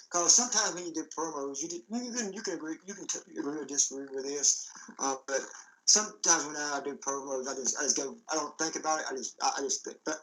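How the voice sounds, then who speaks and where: A man's voice: fairly high pitch, fairly bright tone, rough recording. A man hosting a casual podcast, rambling and stumbling through restarts as he explains himself. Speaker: podcast host.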